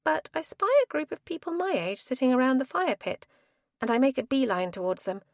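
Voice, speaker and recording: A woman narrating a first-person thriller audiobook in a lively, expressive reading. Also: a little high, dry recording, clean studio sound.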